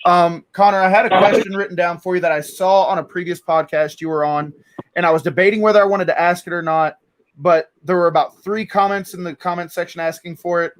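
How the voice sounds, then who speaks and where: A man's voice: high voice, fairly even intonation, fairly quick. A young adult man hosting an interview, wrapping up a question and telling viewers about a giveaway. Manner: friendly, direct to viewers. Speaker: host. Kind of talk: interview and livestream promo.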